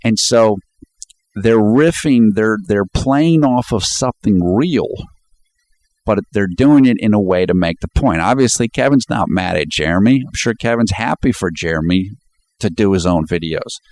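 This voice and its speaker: Low-voiced man breaking down a video. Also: animated, moderate pace, darkish tone, dry recording. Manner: chatty, quotes lines with laughs. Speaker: commentator. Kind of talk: casual video commentary.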